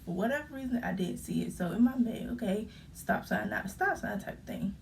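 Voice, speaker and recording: A young woman retelling a frightening car crash in a casual storytime vlog, halting and full of fillers as she holds back tears. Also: mid-range voice, lively intonation, vocal fry, far from the mic, a little hiss or hum. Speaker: vlogger.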